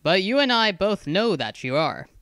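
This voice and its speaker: A narrator voicing a calm, patient male school founder who has travelled the world, in a storybook reading. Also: mid-range voice, moderate pace, dry recording, studio quality, voice pushed up. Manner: calm, patient, gently insistent.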